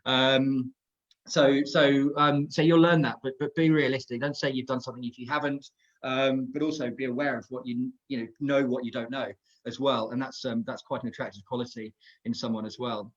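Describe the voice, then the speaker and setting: Halting man on muffled video call. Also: medium pitch, steady tone. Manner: halting, many restarts and fillers. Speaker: panel guest. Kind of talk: online webinar talk.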